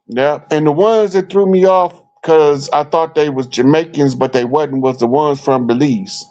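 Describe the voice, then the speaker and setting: A middle-aged man from Chicago tells stories casually and animatedly, acting out what people said. His voice sits fairly high for a man, and the stream audio sounds dull and lo-fi. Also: moderate pace. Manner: animated storyteller, acts out quoted remarks. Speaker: guest speaker. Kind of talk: casual storytelling talk.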